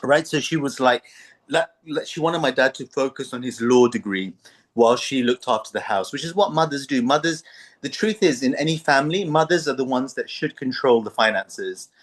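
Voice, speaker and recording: This is a man in the middle range of pitch, a guest on a conversational podcast. He tells stories with energy and laughs often as he talks. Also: normal speed. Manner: animated, laughs often while telling stories. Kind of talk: storytelling in conversation.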